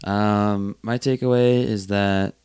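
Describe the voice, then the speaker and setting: A man's voice: fairly low pitch, steady tone, slow, darkish tone, clear, resonant tone, dry recording. A man co-hosting a podcast, making teasing remarks. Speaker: podcast co-host. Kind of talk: casual podcast banter.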